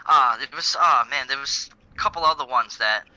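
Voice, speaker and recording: Animated, bright-voiced man telling stories. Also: medium pitch, a little fast, dry recording, rough recording. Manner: animated storytelling, acting out scenes in put-on voices, swearing. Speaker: podcast co-host. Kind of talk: casual chat.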